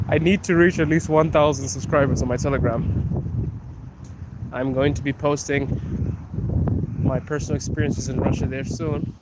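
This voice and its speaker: An African man talks slowly and easily into his phone while walking outside, chatting with his live viewers and often breaking into laughter. Street noise runs loud underneath his voice throughout the recording. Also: mid-range voice, steady tone. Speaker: vlogger. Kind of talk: live-streamed walking vlog. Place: outdoors on city streets. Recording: noisy outdoor street recording.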